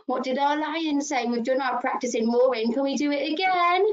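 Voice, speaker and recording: A woman leading a children's story session, talking to toddlers in an animated sing-song way, gasping with delight and coaxing them to join in. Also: high-pitched, moderate pace, few pauses, dull audio. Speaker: early years practitioner.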